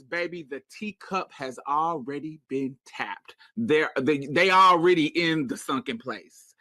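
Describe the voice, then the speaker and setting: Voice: medium pitch, measured pace, hardly any pauses, sharp tone, dry recording. Sassy, laughing panel host. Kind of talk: casual gossip chat.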